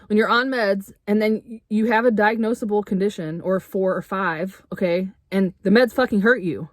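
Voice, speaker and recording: A middle-aged woman vlogging a heated, swearing rant with sarcastic rhetorical questions, getting loud at times. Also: mid-range voice, moderate pace, no room sound, clean studio sound. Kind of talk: angry personal rant to camera. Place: RV interior.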